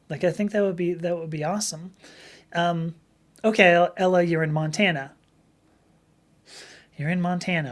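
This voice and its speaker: A middle-aged woman hosting a live stream, chatting casually with viewers and telling rambling stories. Her voice is a little rough from talking for hours. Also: lowish voice. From Southern California. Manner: rambling, chatty storytelling with many restarts. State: slightly rough voice from long talking.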